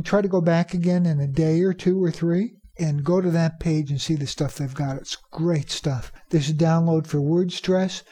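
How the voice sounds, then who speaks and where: A man giving a podcast lesson to teachers on pronunciation, stressing example sentences slowly and talking plainly and encouragingly. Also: a little high, warm tone. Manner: slow, emphatic model sentences; plain, encouraging talk to listeners. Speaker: teacher trainer.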